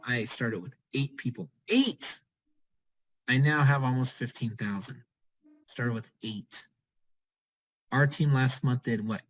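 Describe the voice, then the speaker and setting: A man's voice: mid-range voice, low-quality recording. A man leading a motivational pep talk on a group call, urging his team on with short, repeated commands. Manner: energetic, repetitive, urging listeners with short commands. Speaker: team leader on a network-marketing call.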